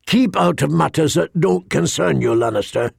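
A man's voice: on the high side, expressive, normal speed, gravelly, a little mellow, breathy edge, no room sound, clean studio sound, exaggerated voice. A man reading an audiobook, voicing a harsh, scornful knight who sneers coldly. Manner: cold, sneering. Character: harsh, scornful male knight and drill master.

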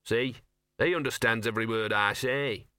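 A man's voice: mid-range voice, steady tone, normal speed, sharp tone, clear, resonant tone, dry recording, studio quality, close to an everyday voice. A man voicing a cynical, scruffy talking male dog in a storybook reading, with a sardonic, streetwise grumble. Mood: grumbling.

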